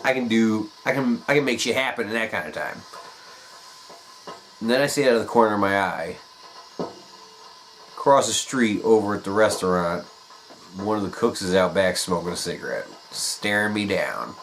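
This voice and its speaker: A man telling a comedic personal story in an animated way, swearing freely. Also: fairly low pitch, moderate pace, long pauses, slight background noise, low-quality recording.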